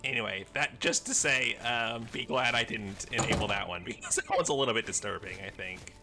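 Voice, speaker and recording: A man's voice: mid-range voice, brisk. A male livestreamer chatting casually over his gameplay with chuckling, rambling asides. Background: game music.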